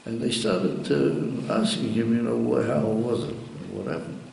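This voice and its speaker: Gravelly rabbi in an echoey hall. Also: male voice, medium pitch, lively intonation, a little mellow, slight background noise. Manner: halting, meandering storyteller with many restarts. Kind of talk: storytelling talk to a gathering. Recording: echoey hall recorded from far off.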